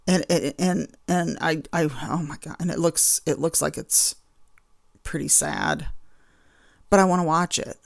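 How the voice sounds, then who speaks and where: Woman podcast host, fry in the voice, dry close sound; rambling, chatty, easily exasperated. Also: deep voice, unhurried, dry recording. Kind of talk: casual chat.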